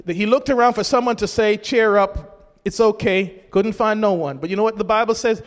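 A man with a high voice preaches a sermon in a church hall. He swings from steady teaching up into shouted calls for the congregation to join in. A long reverb trails behind every phrase. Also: fast. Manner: rises into shouts to urge the congregation.

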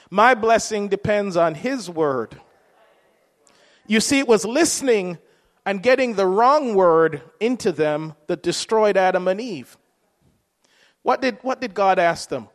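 Speaking a little slowly in a high voice, a preacher delivers a relaxed, conversational sermon, repeatedly asking his listeners rhetorical questions. A long reverb rings around him, as though recorded in a hall.

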